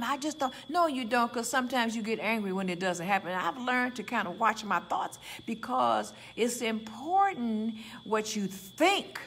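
A woman pastor with a Chicago accent preaching a lively, conversational sermon and acting out prayers and dialogue. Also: medium pitch, slight background noise.

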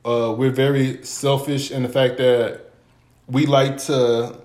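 A man co-hosting a podcast, telling relaxed rambling stories about his partner with lots of filler words. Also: mid-range voice, slow pace. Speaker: podcast co-host. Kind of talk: casual podcast chat.

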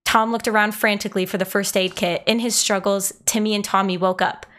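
A woman's voice: mid-range voice, brisk. A young woman hosting and reading a fan story aloud to friends, laughing often between passages. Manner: giggly, animated reader. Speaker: host.

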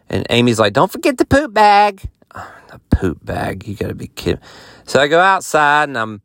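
A man's voice: mid-range voice, fairly bright tone, no room sound, studio quality. Folksy rambling man telling a story. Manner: folksy, rambling, self-mocking. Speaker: podcast host and touring musician. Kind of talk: casual storytelling monologue.

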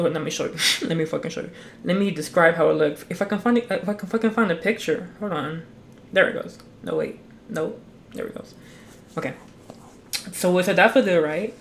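A young adult hosts a solo podcast, talking casually into a mic with a mid-range voice. They ramble, restart often, and swear constantly, with slight background noise behind them.

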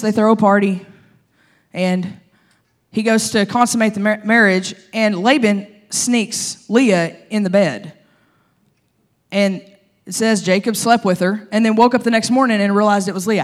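A woman pastor preaching in an animated, humorous, conversational sermon style. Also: on the high side, moderate pace.

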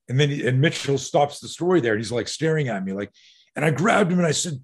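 Husky-voiced man telling a story. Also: mid-range voice, fast. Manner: animated storyteller, swears freely. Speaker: self-defense instructor. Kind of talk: conversational storytelling.

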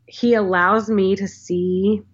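Woman, 30s, earnest podcast guest; rambling, sincere delivery; mid-pitched; slightly dull recording. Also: fairly even intonation, slow, slightly rough. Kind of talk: casual faith conversation.

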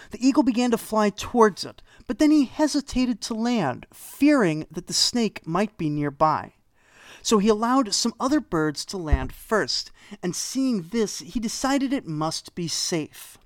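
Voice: mid-range voice, no room sound. A storyteller retelling an old myth with wry asides and dry humor.

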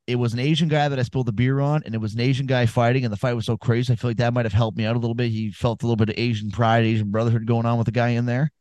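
A man chatting casually about fights on a podcast, swearing freely and wandering off into long stories. His pitch sits in the middle for a man, and the sound is dry with no room around it. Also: little pitch movement, rapid-fire, hardly any pauses, darkish tone, no room sound. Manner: profane, rambling storyteller. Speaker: podcast co-host. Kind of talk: casual sports chat.

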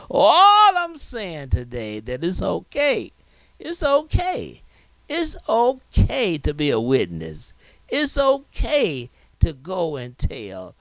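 A man's voice: sits high, gravelly, fairly bright tone, clear, resonant tone, no room sound. A man pastor preaching a fervent sermon, repeating refrains and punctuating lines with amen and hallelujah.

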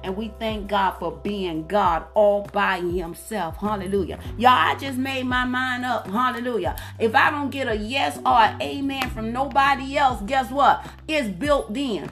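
A woman's voice: fairly high pitch, unhurried, hardly any pauses, a bit bright. A woman minister preaching a fervent sermon, punctuated with frequent hallelujahs. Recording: faint music behind.

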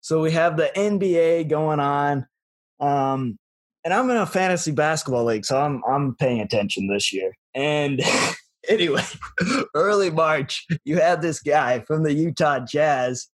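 Young male co-host, slightly high voice, halting and giggly delivery, casual podcast chat. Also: animated. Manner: hesitant, self-correcting, laughs often.

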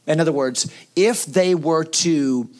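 A male pastor with a voice on the high side speaks slowly in a round-table discussion about preaching. He's animated, asks rhetorical questions, and restarts often.

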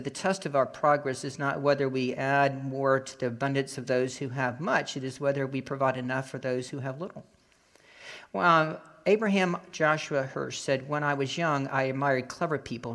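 Man preaching a lively story sermon. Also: medium pitch, normal speed. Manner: animated storytelling, acts out quoted voices. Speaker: pastor. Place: Florida.

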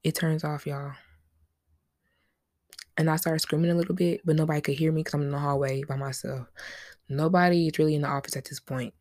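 A woman's voice: low voice, fairly even intonation, fairly quick, pauses often, a little mellow, dry recording, clean studio sound. A young woman hosting a solo podcast, chatting casually with lots of slang, rambling asides and frequent laughs. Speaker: podcast host.

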